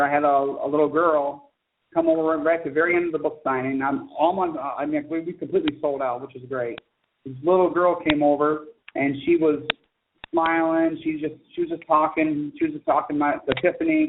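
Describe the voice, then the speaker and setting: Fast-talking man on a tinny phone line. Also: on the high side, vocal fry, a little hiss or hum. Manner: eager storyteller, quick and rambling. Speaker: children's book author, guest. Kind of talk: casual phone interview chat.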